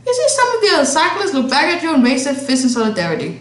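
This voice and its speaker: A woman's voice: high voice, wildly swooping pitch, rapid-fire, roomy sound. A woman streamer reading a visual novel aloud with chatty asides between the lines. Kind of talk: casual game playthrough narration.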